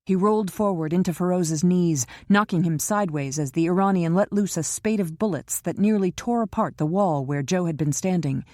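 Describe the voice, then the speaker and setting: A woman narrating a crime thriller audiobook in a steady storytelling manner. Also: fairly low pitch, moderate pace, few pauses, no room sound, clean studio sound.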